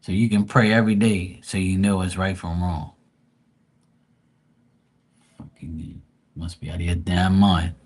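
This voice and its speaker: A man's voice: low-pitched, little pitch movement, unhurried, pauses often, darkish tone, husky. A man from Bermuda hosting a live tarot stream, ranting bluntly and profanely in casual chat.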